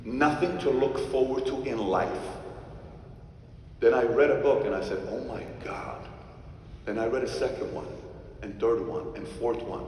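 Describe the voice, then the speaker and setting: A man's voice: medium pitch, unhurried, long pauses, a little hiss or hum. Emphatic man in an echoey hall, distant. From Iran. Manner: emphatic, swings between loud outbursts and quiet asides. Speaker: speaker telling a personal story. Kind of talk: animated storytelling to a live audience.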